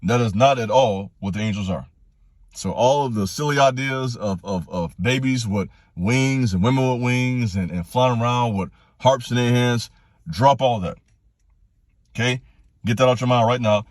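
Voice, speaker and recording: A man's voice: normal speed, no room sound, clean studio sound. A man hosting his own channel, giving a blunt, preachy motivational talk with repeated commands, his voice climbing into passionate bursts. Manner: direct, preachy, repetitive exhortations, rising to passionate pitch. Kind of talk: fired-up motivational monologue.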